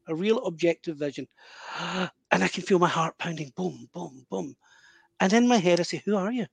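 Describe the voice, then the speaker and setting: A middle-aged man, a medium telling an animated personal story in an interview. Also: sits high, husky, no room sound. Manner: animated, vivid anecdotal storytelling with self-interruptions. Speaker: spiritual medium guest. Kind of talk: storytelling in conversation.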